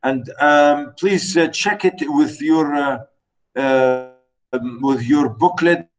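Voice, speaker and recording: Guy teaching an online class, slow and halting, lots of um and uh, kinda high voice. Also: faint music behind, low-quality recording. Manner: halting, repeats words, many fillers; counts stresses slowly and deliberately. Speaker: university lecturer. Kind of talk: online lecture.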